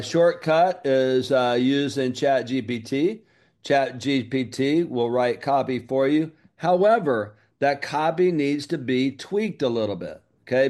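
A man's voice: medium pitch, darkish tone. A man, giving a coaching talk to his group about marketing. He talks with energy, leaning hard on key words and repeating them. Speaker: business coach.

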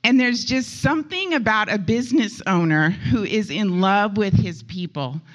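A woman's voice: mid-range voice, animated, normal speed. A woman hosting an event, introducing the next speaker on stage and asking the audience questions. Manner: upbeat, engages the audience with questions. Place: conference stage before a live audience.

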